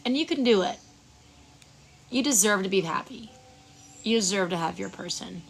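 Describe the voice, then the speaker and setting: A woman hosting a live Reiki session outdoors. She chats with viewers, stumbles over their names, then gives soft, slow breathing cues. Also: medium pitch, animated, gravelly, a little hiss or hum. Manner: chatty, reads viewers' names aloud and fumbles them. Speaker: Reiki practitioner and stream host. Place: outdoors at sunrise.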